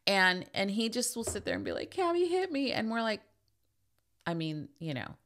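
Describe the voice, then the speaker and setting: A woman's voice: mid-range voice, lively intonation, normal speed, fairly bright tone. A middle-aged woman hosting a podcast in a casual monologue, speaking candidly and with emphasis. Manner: emphatic, candid, acts out quoted voices. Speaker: podcast host.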